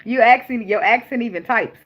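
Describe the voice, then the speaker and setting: A woman's voice: on the high side, a little fast, a bit bright. A young woman reading tarot in a casual, chatty way, blunt and profane, laughing often. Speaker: tarot reader.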